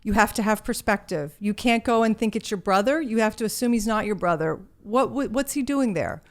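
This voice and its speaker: A woman's voice: medium pitch, a little fast. A woman in her fifties, an interview guest, telling a story with acted-out quotes and easy laughs. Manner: animated storyteller, acts out quotes, laughs easily. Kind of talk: conversational storytelling.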